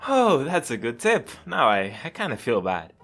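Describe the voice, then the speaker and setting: A man doing a comedic chatbot role-play, reading the story out and answering in a deadpan, mock-casual, trolling way over faint music. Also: medium pitch, normal speed. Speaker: YouTuber role-playing with an AI chatbot.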